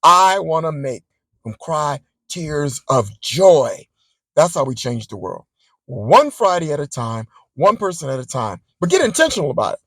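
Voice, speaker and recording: A man vlogging, chatting straight to his viewers as he tells a story in a casual, animated way. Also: a little high, moderate pace, breathy edge, no room sound, rough recording.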